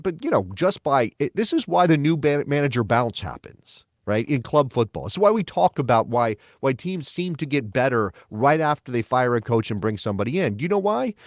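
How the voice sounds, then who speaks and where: Male podcast co-host, conversational and animated, dry studio sound. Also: dry recording. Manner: animated, mock-quotes others in high voice. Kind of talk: casual sports talk.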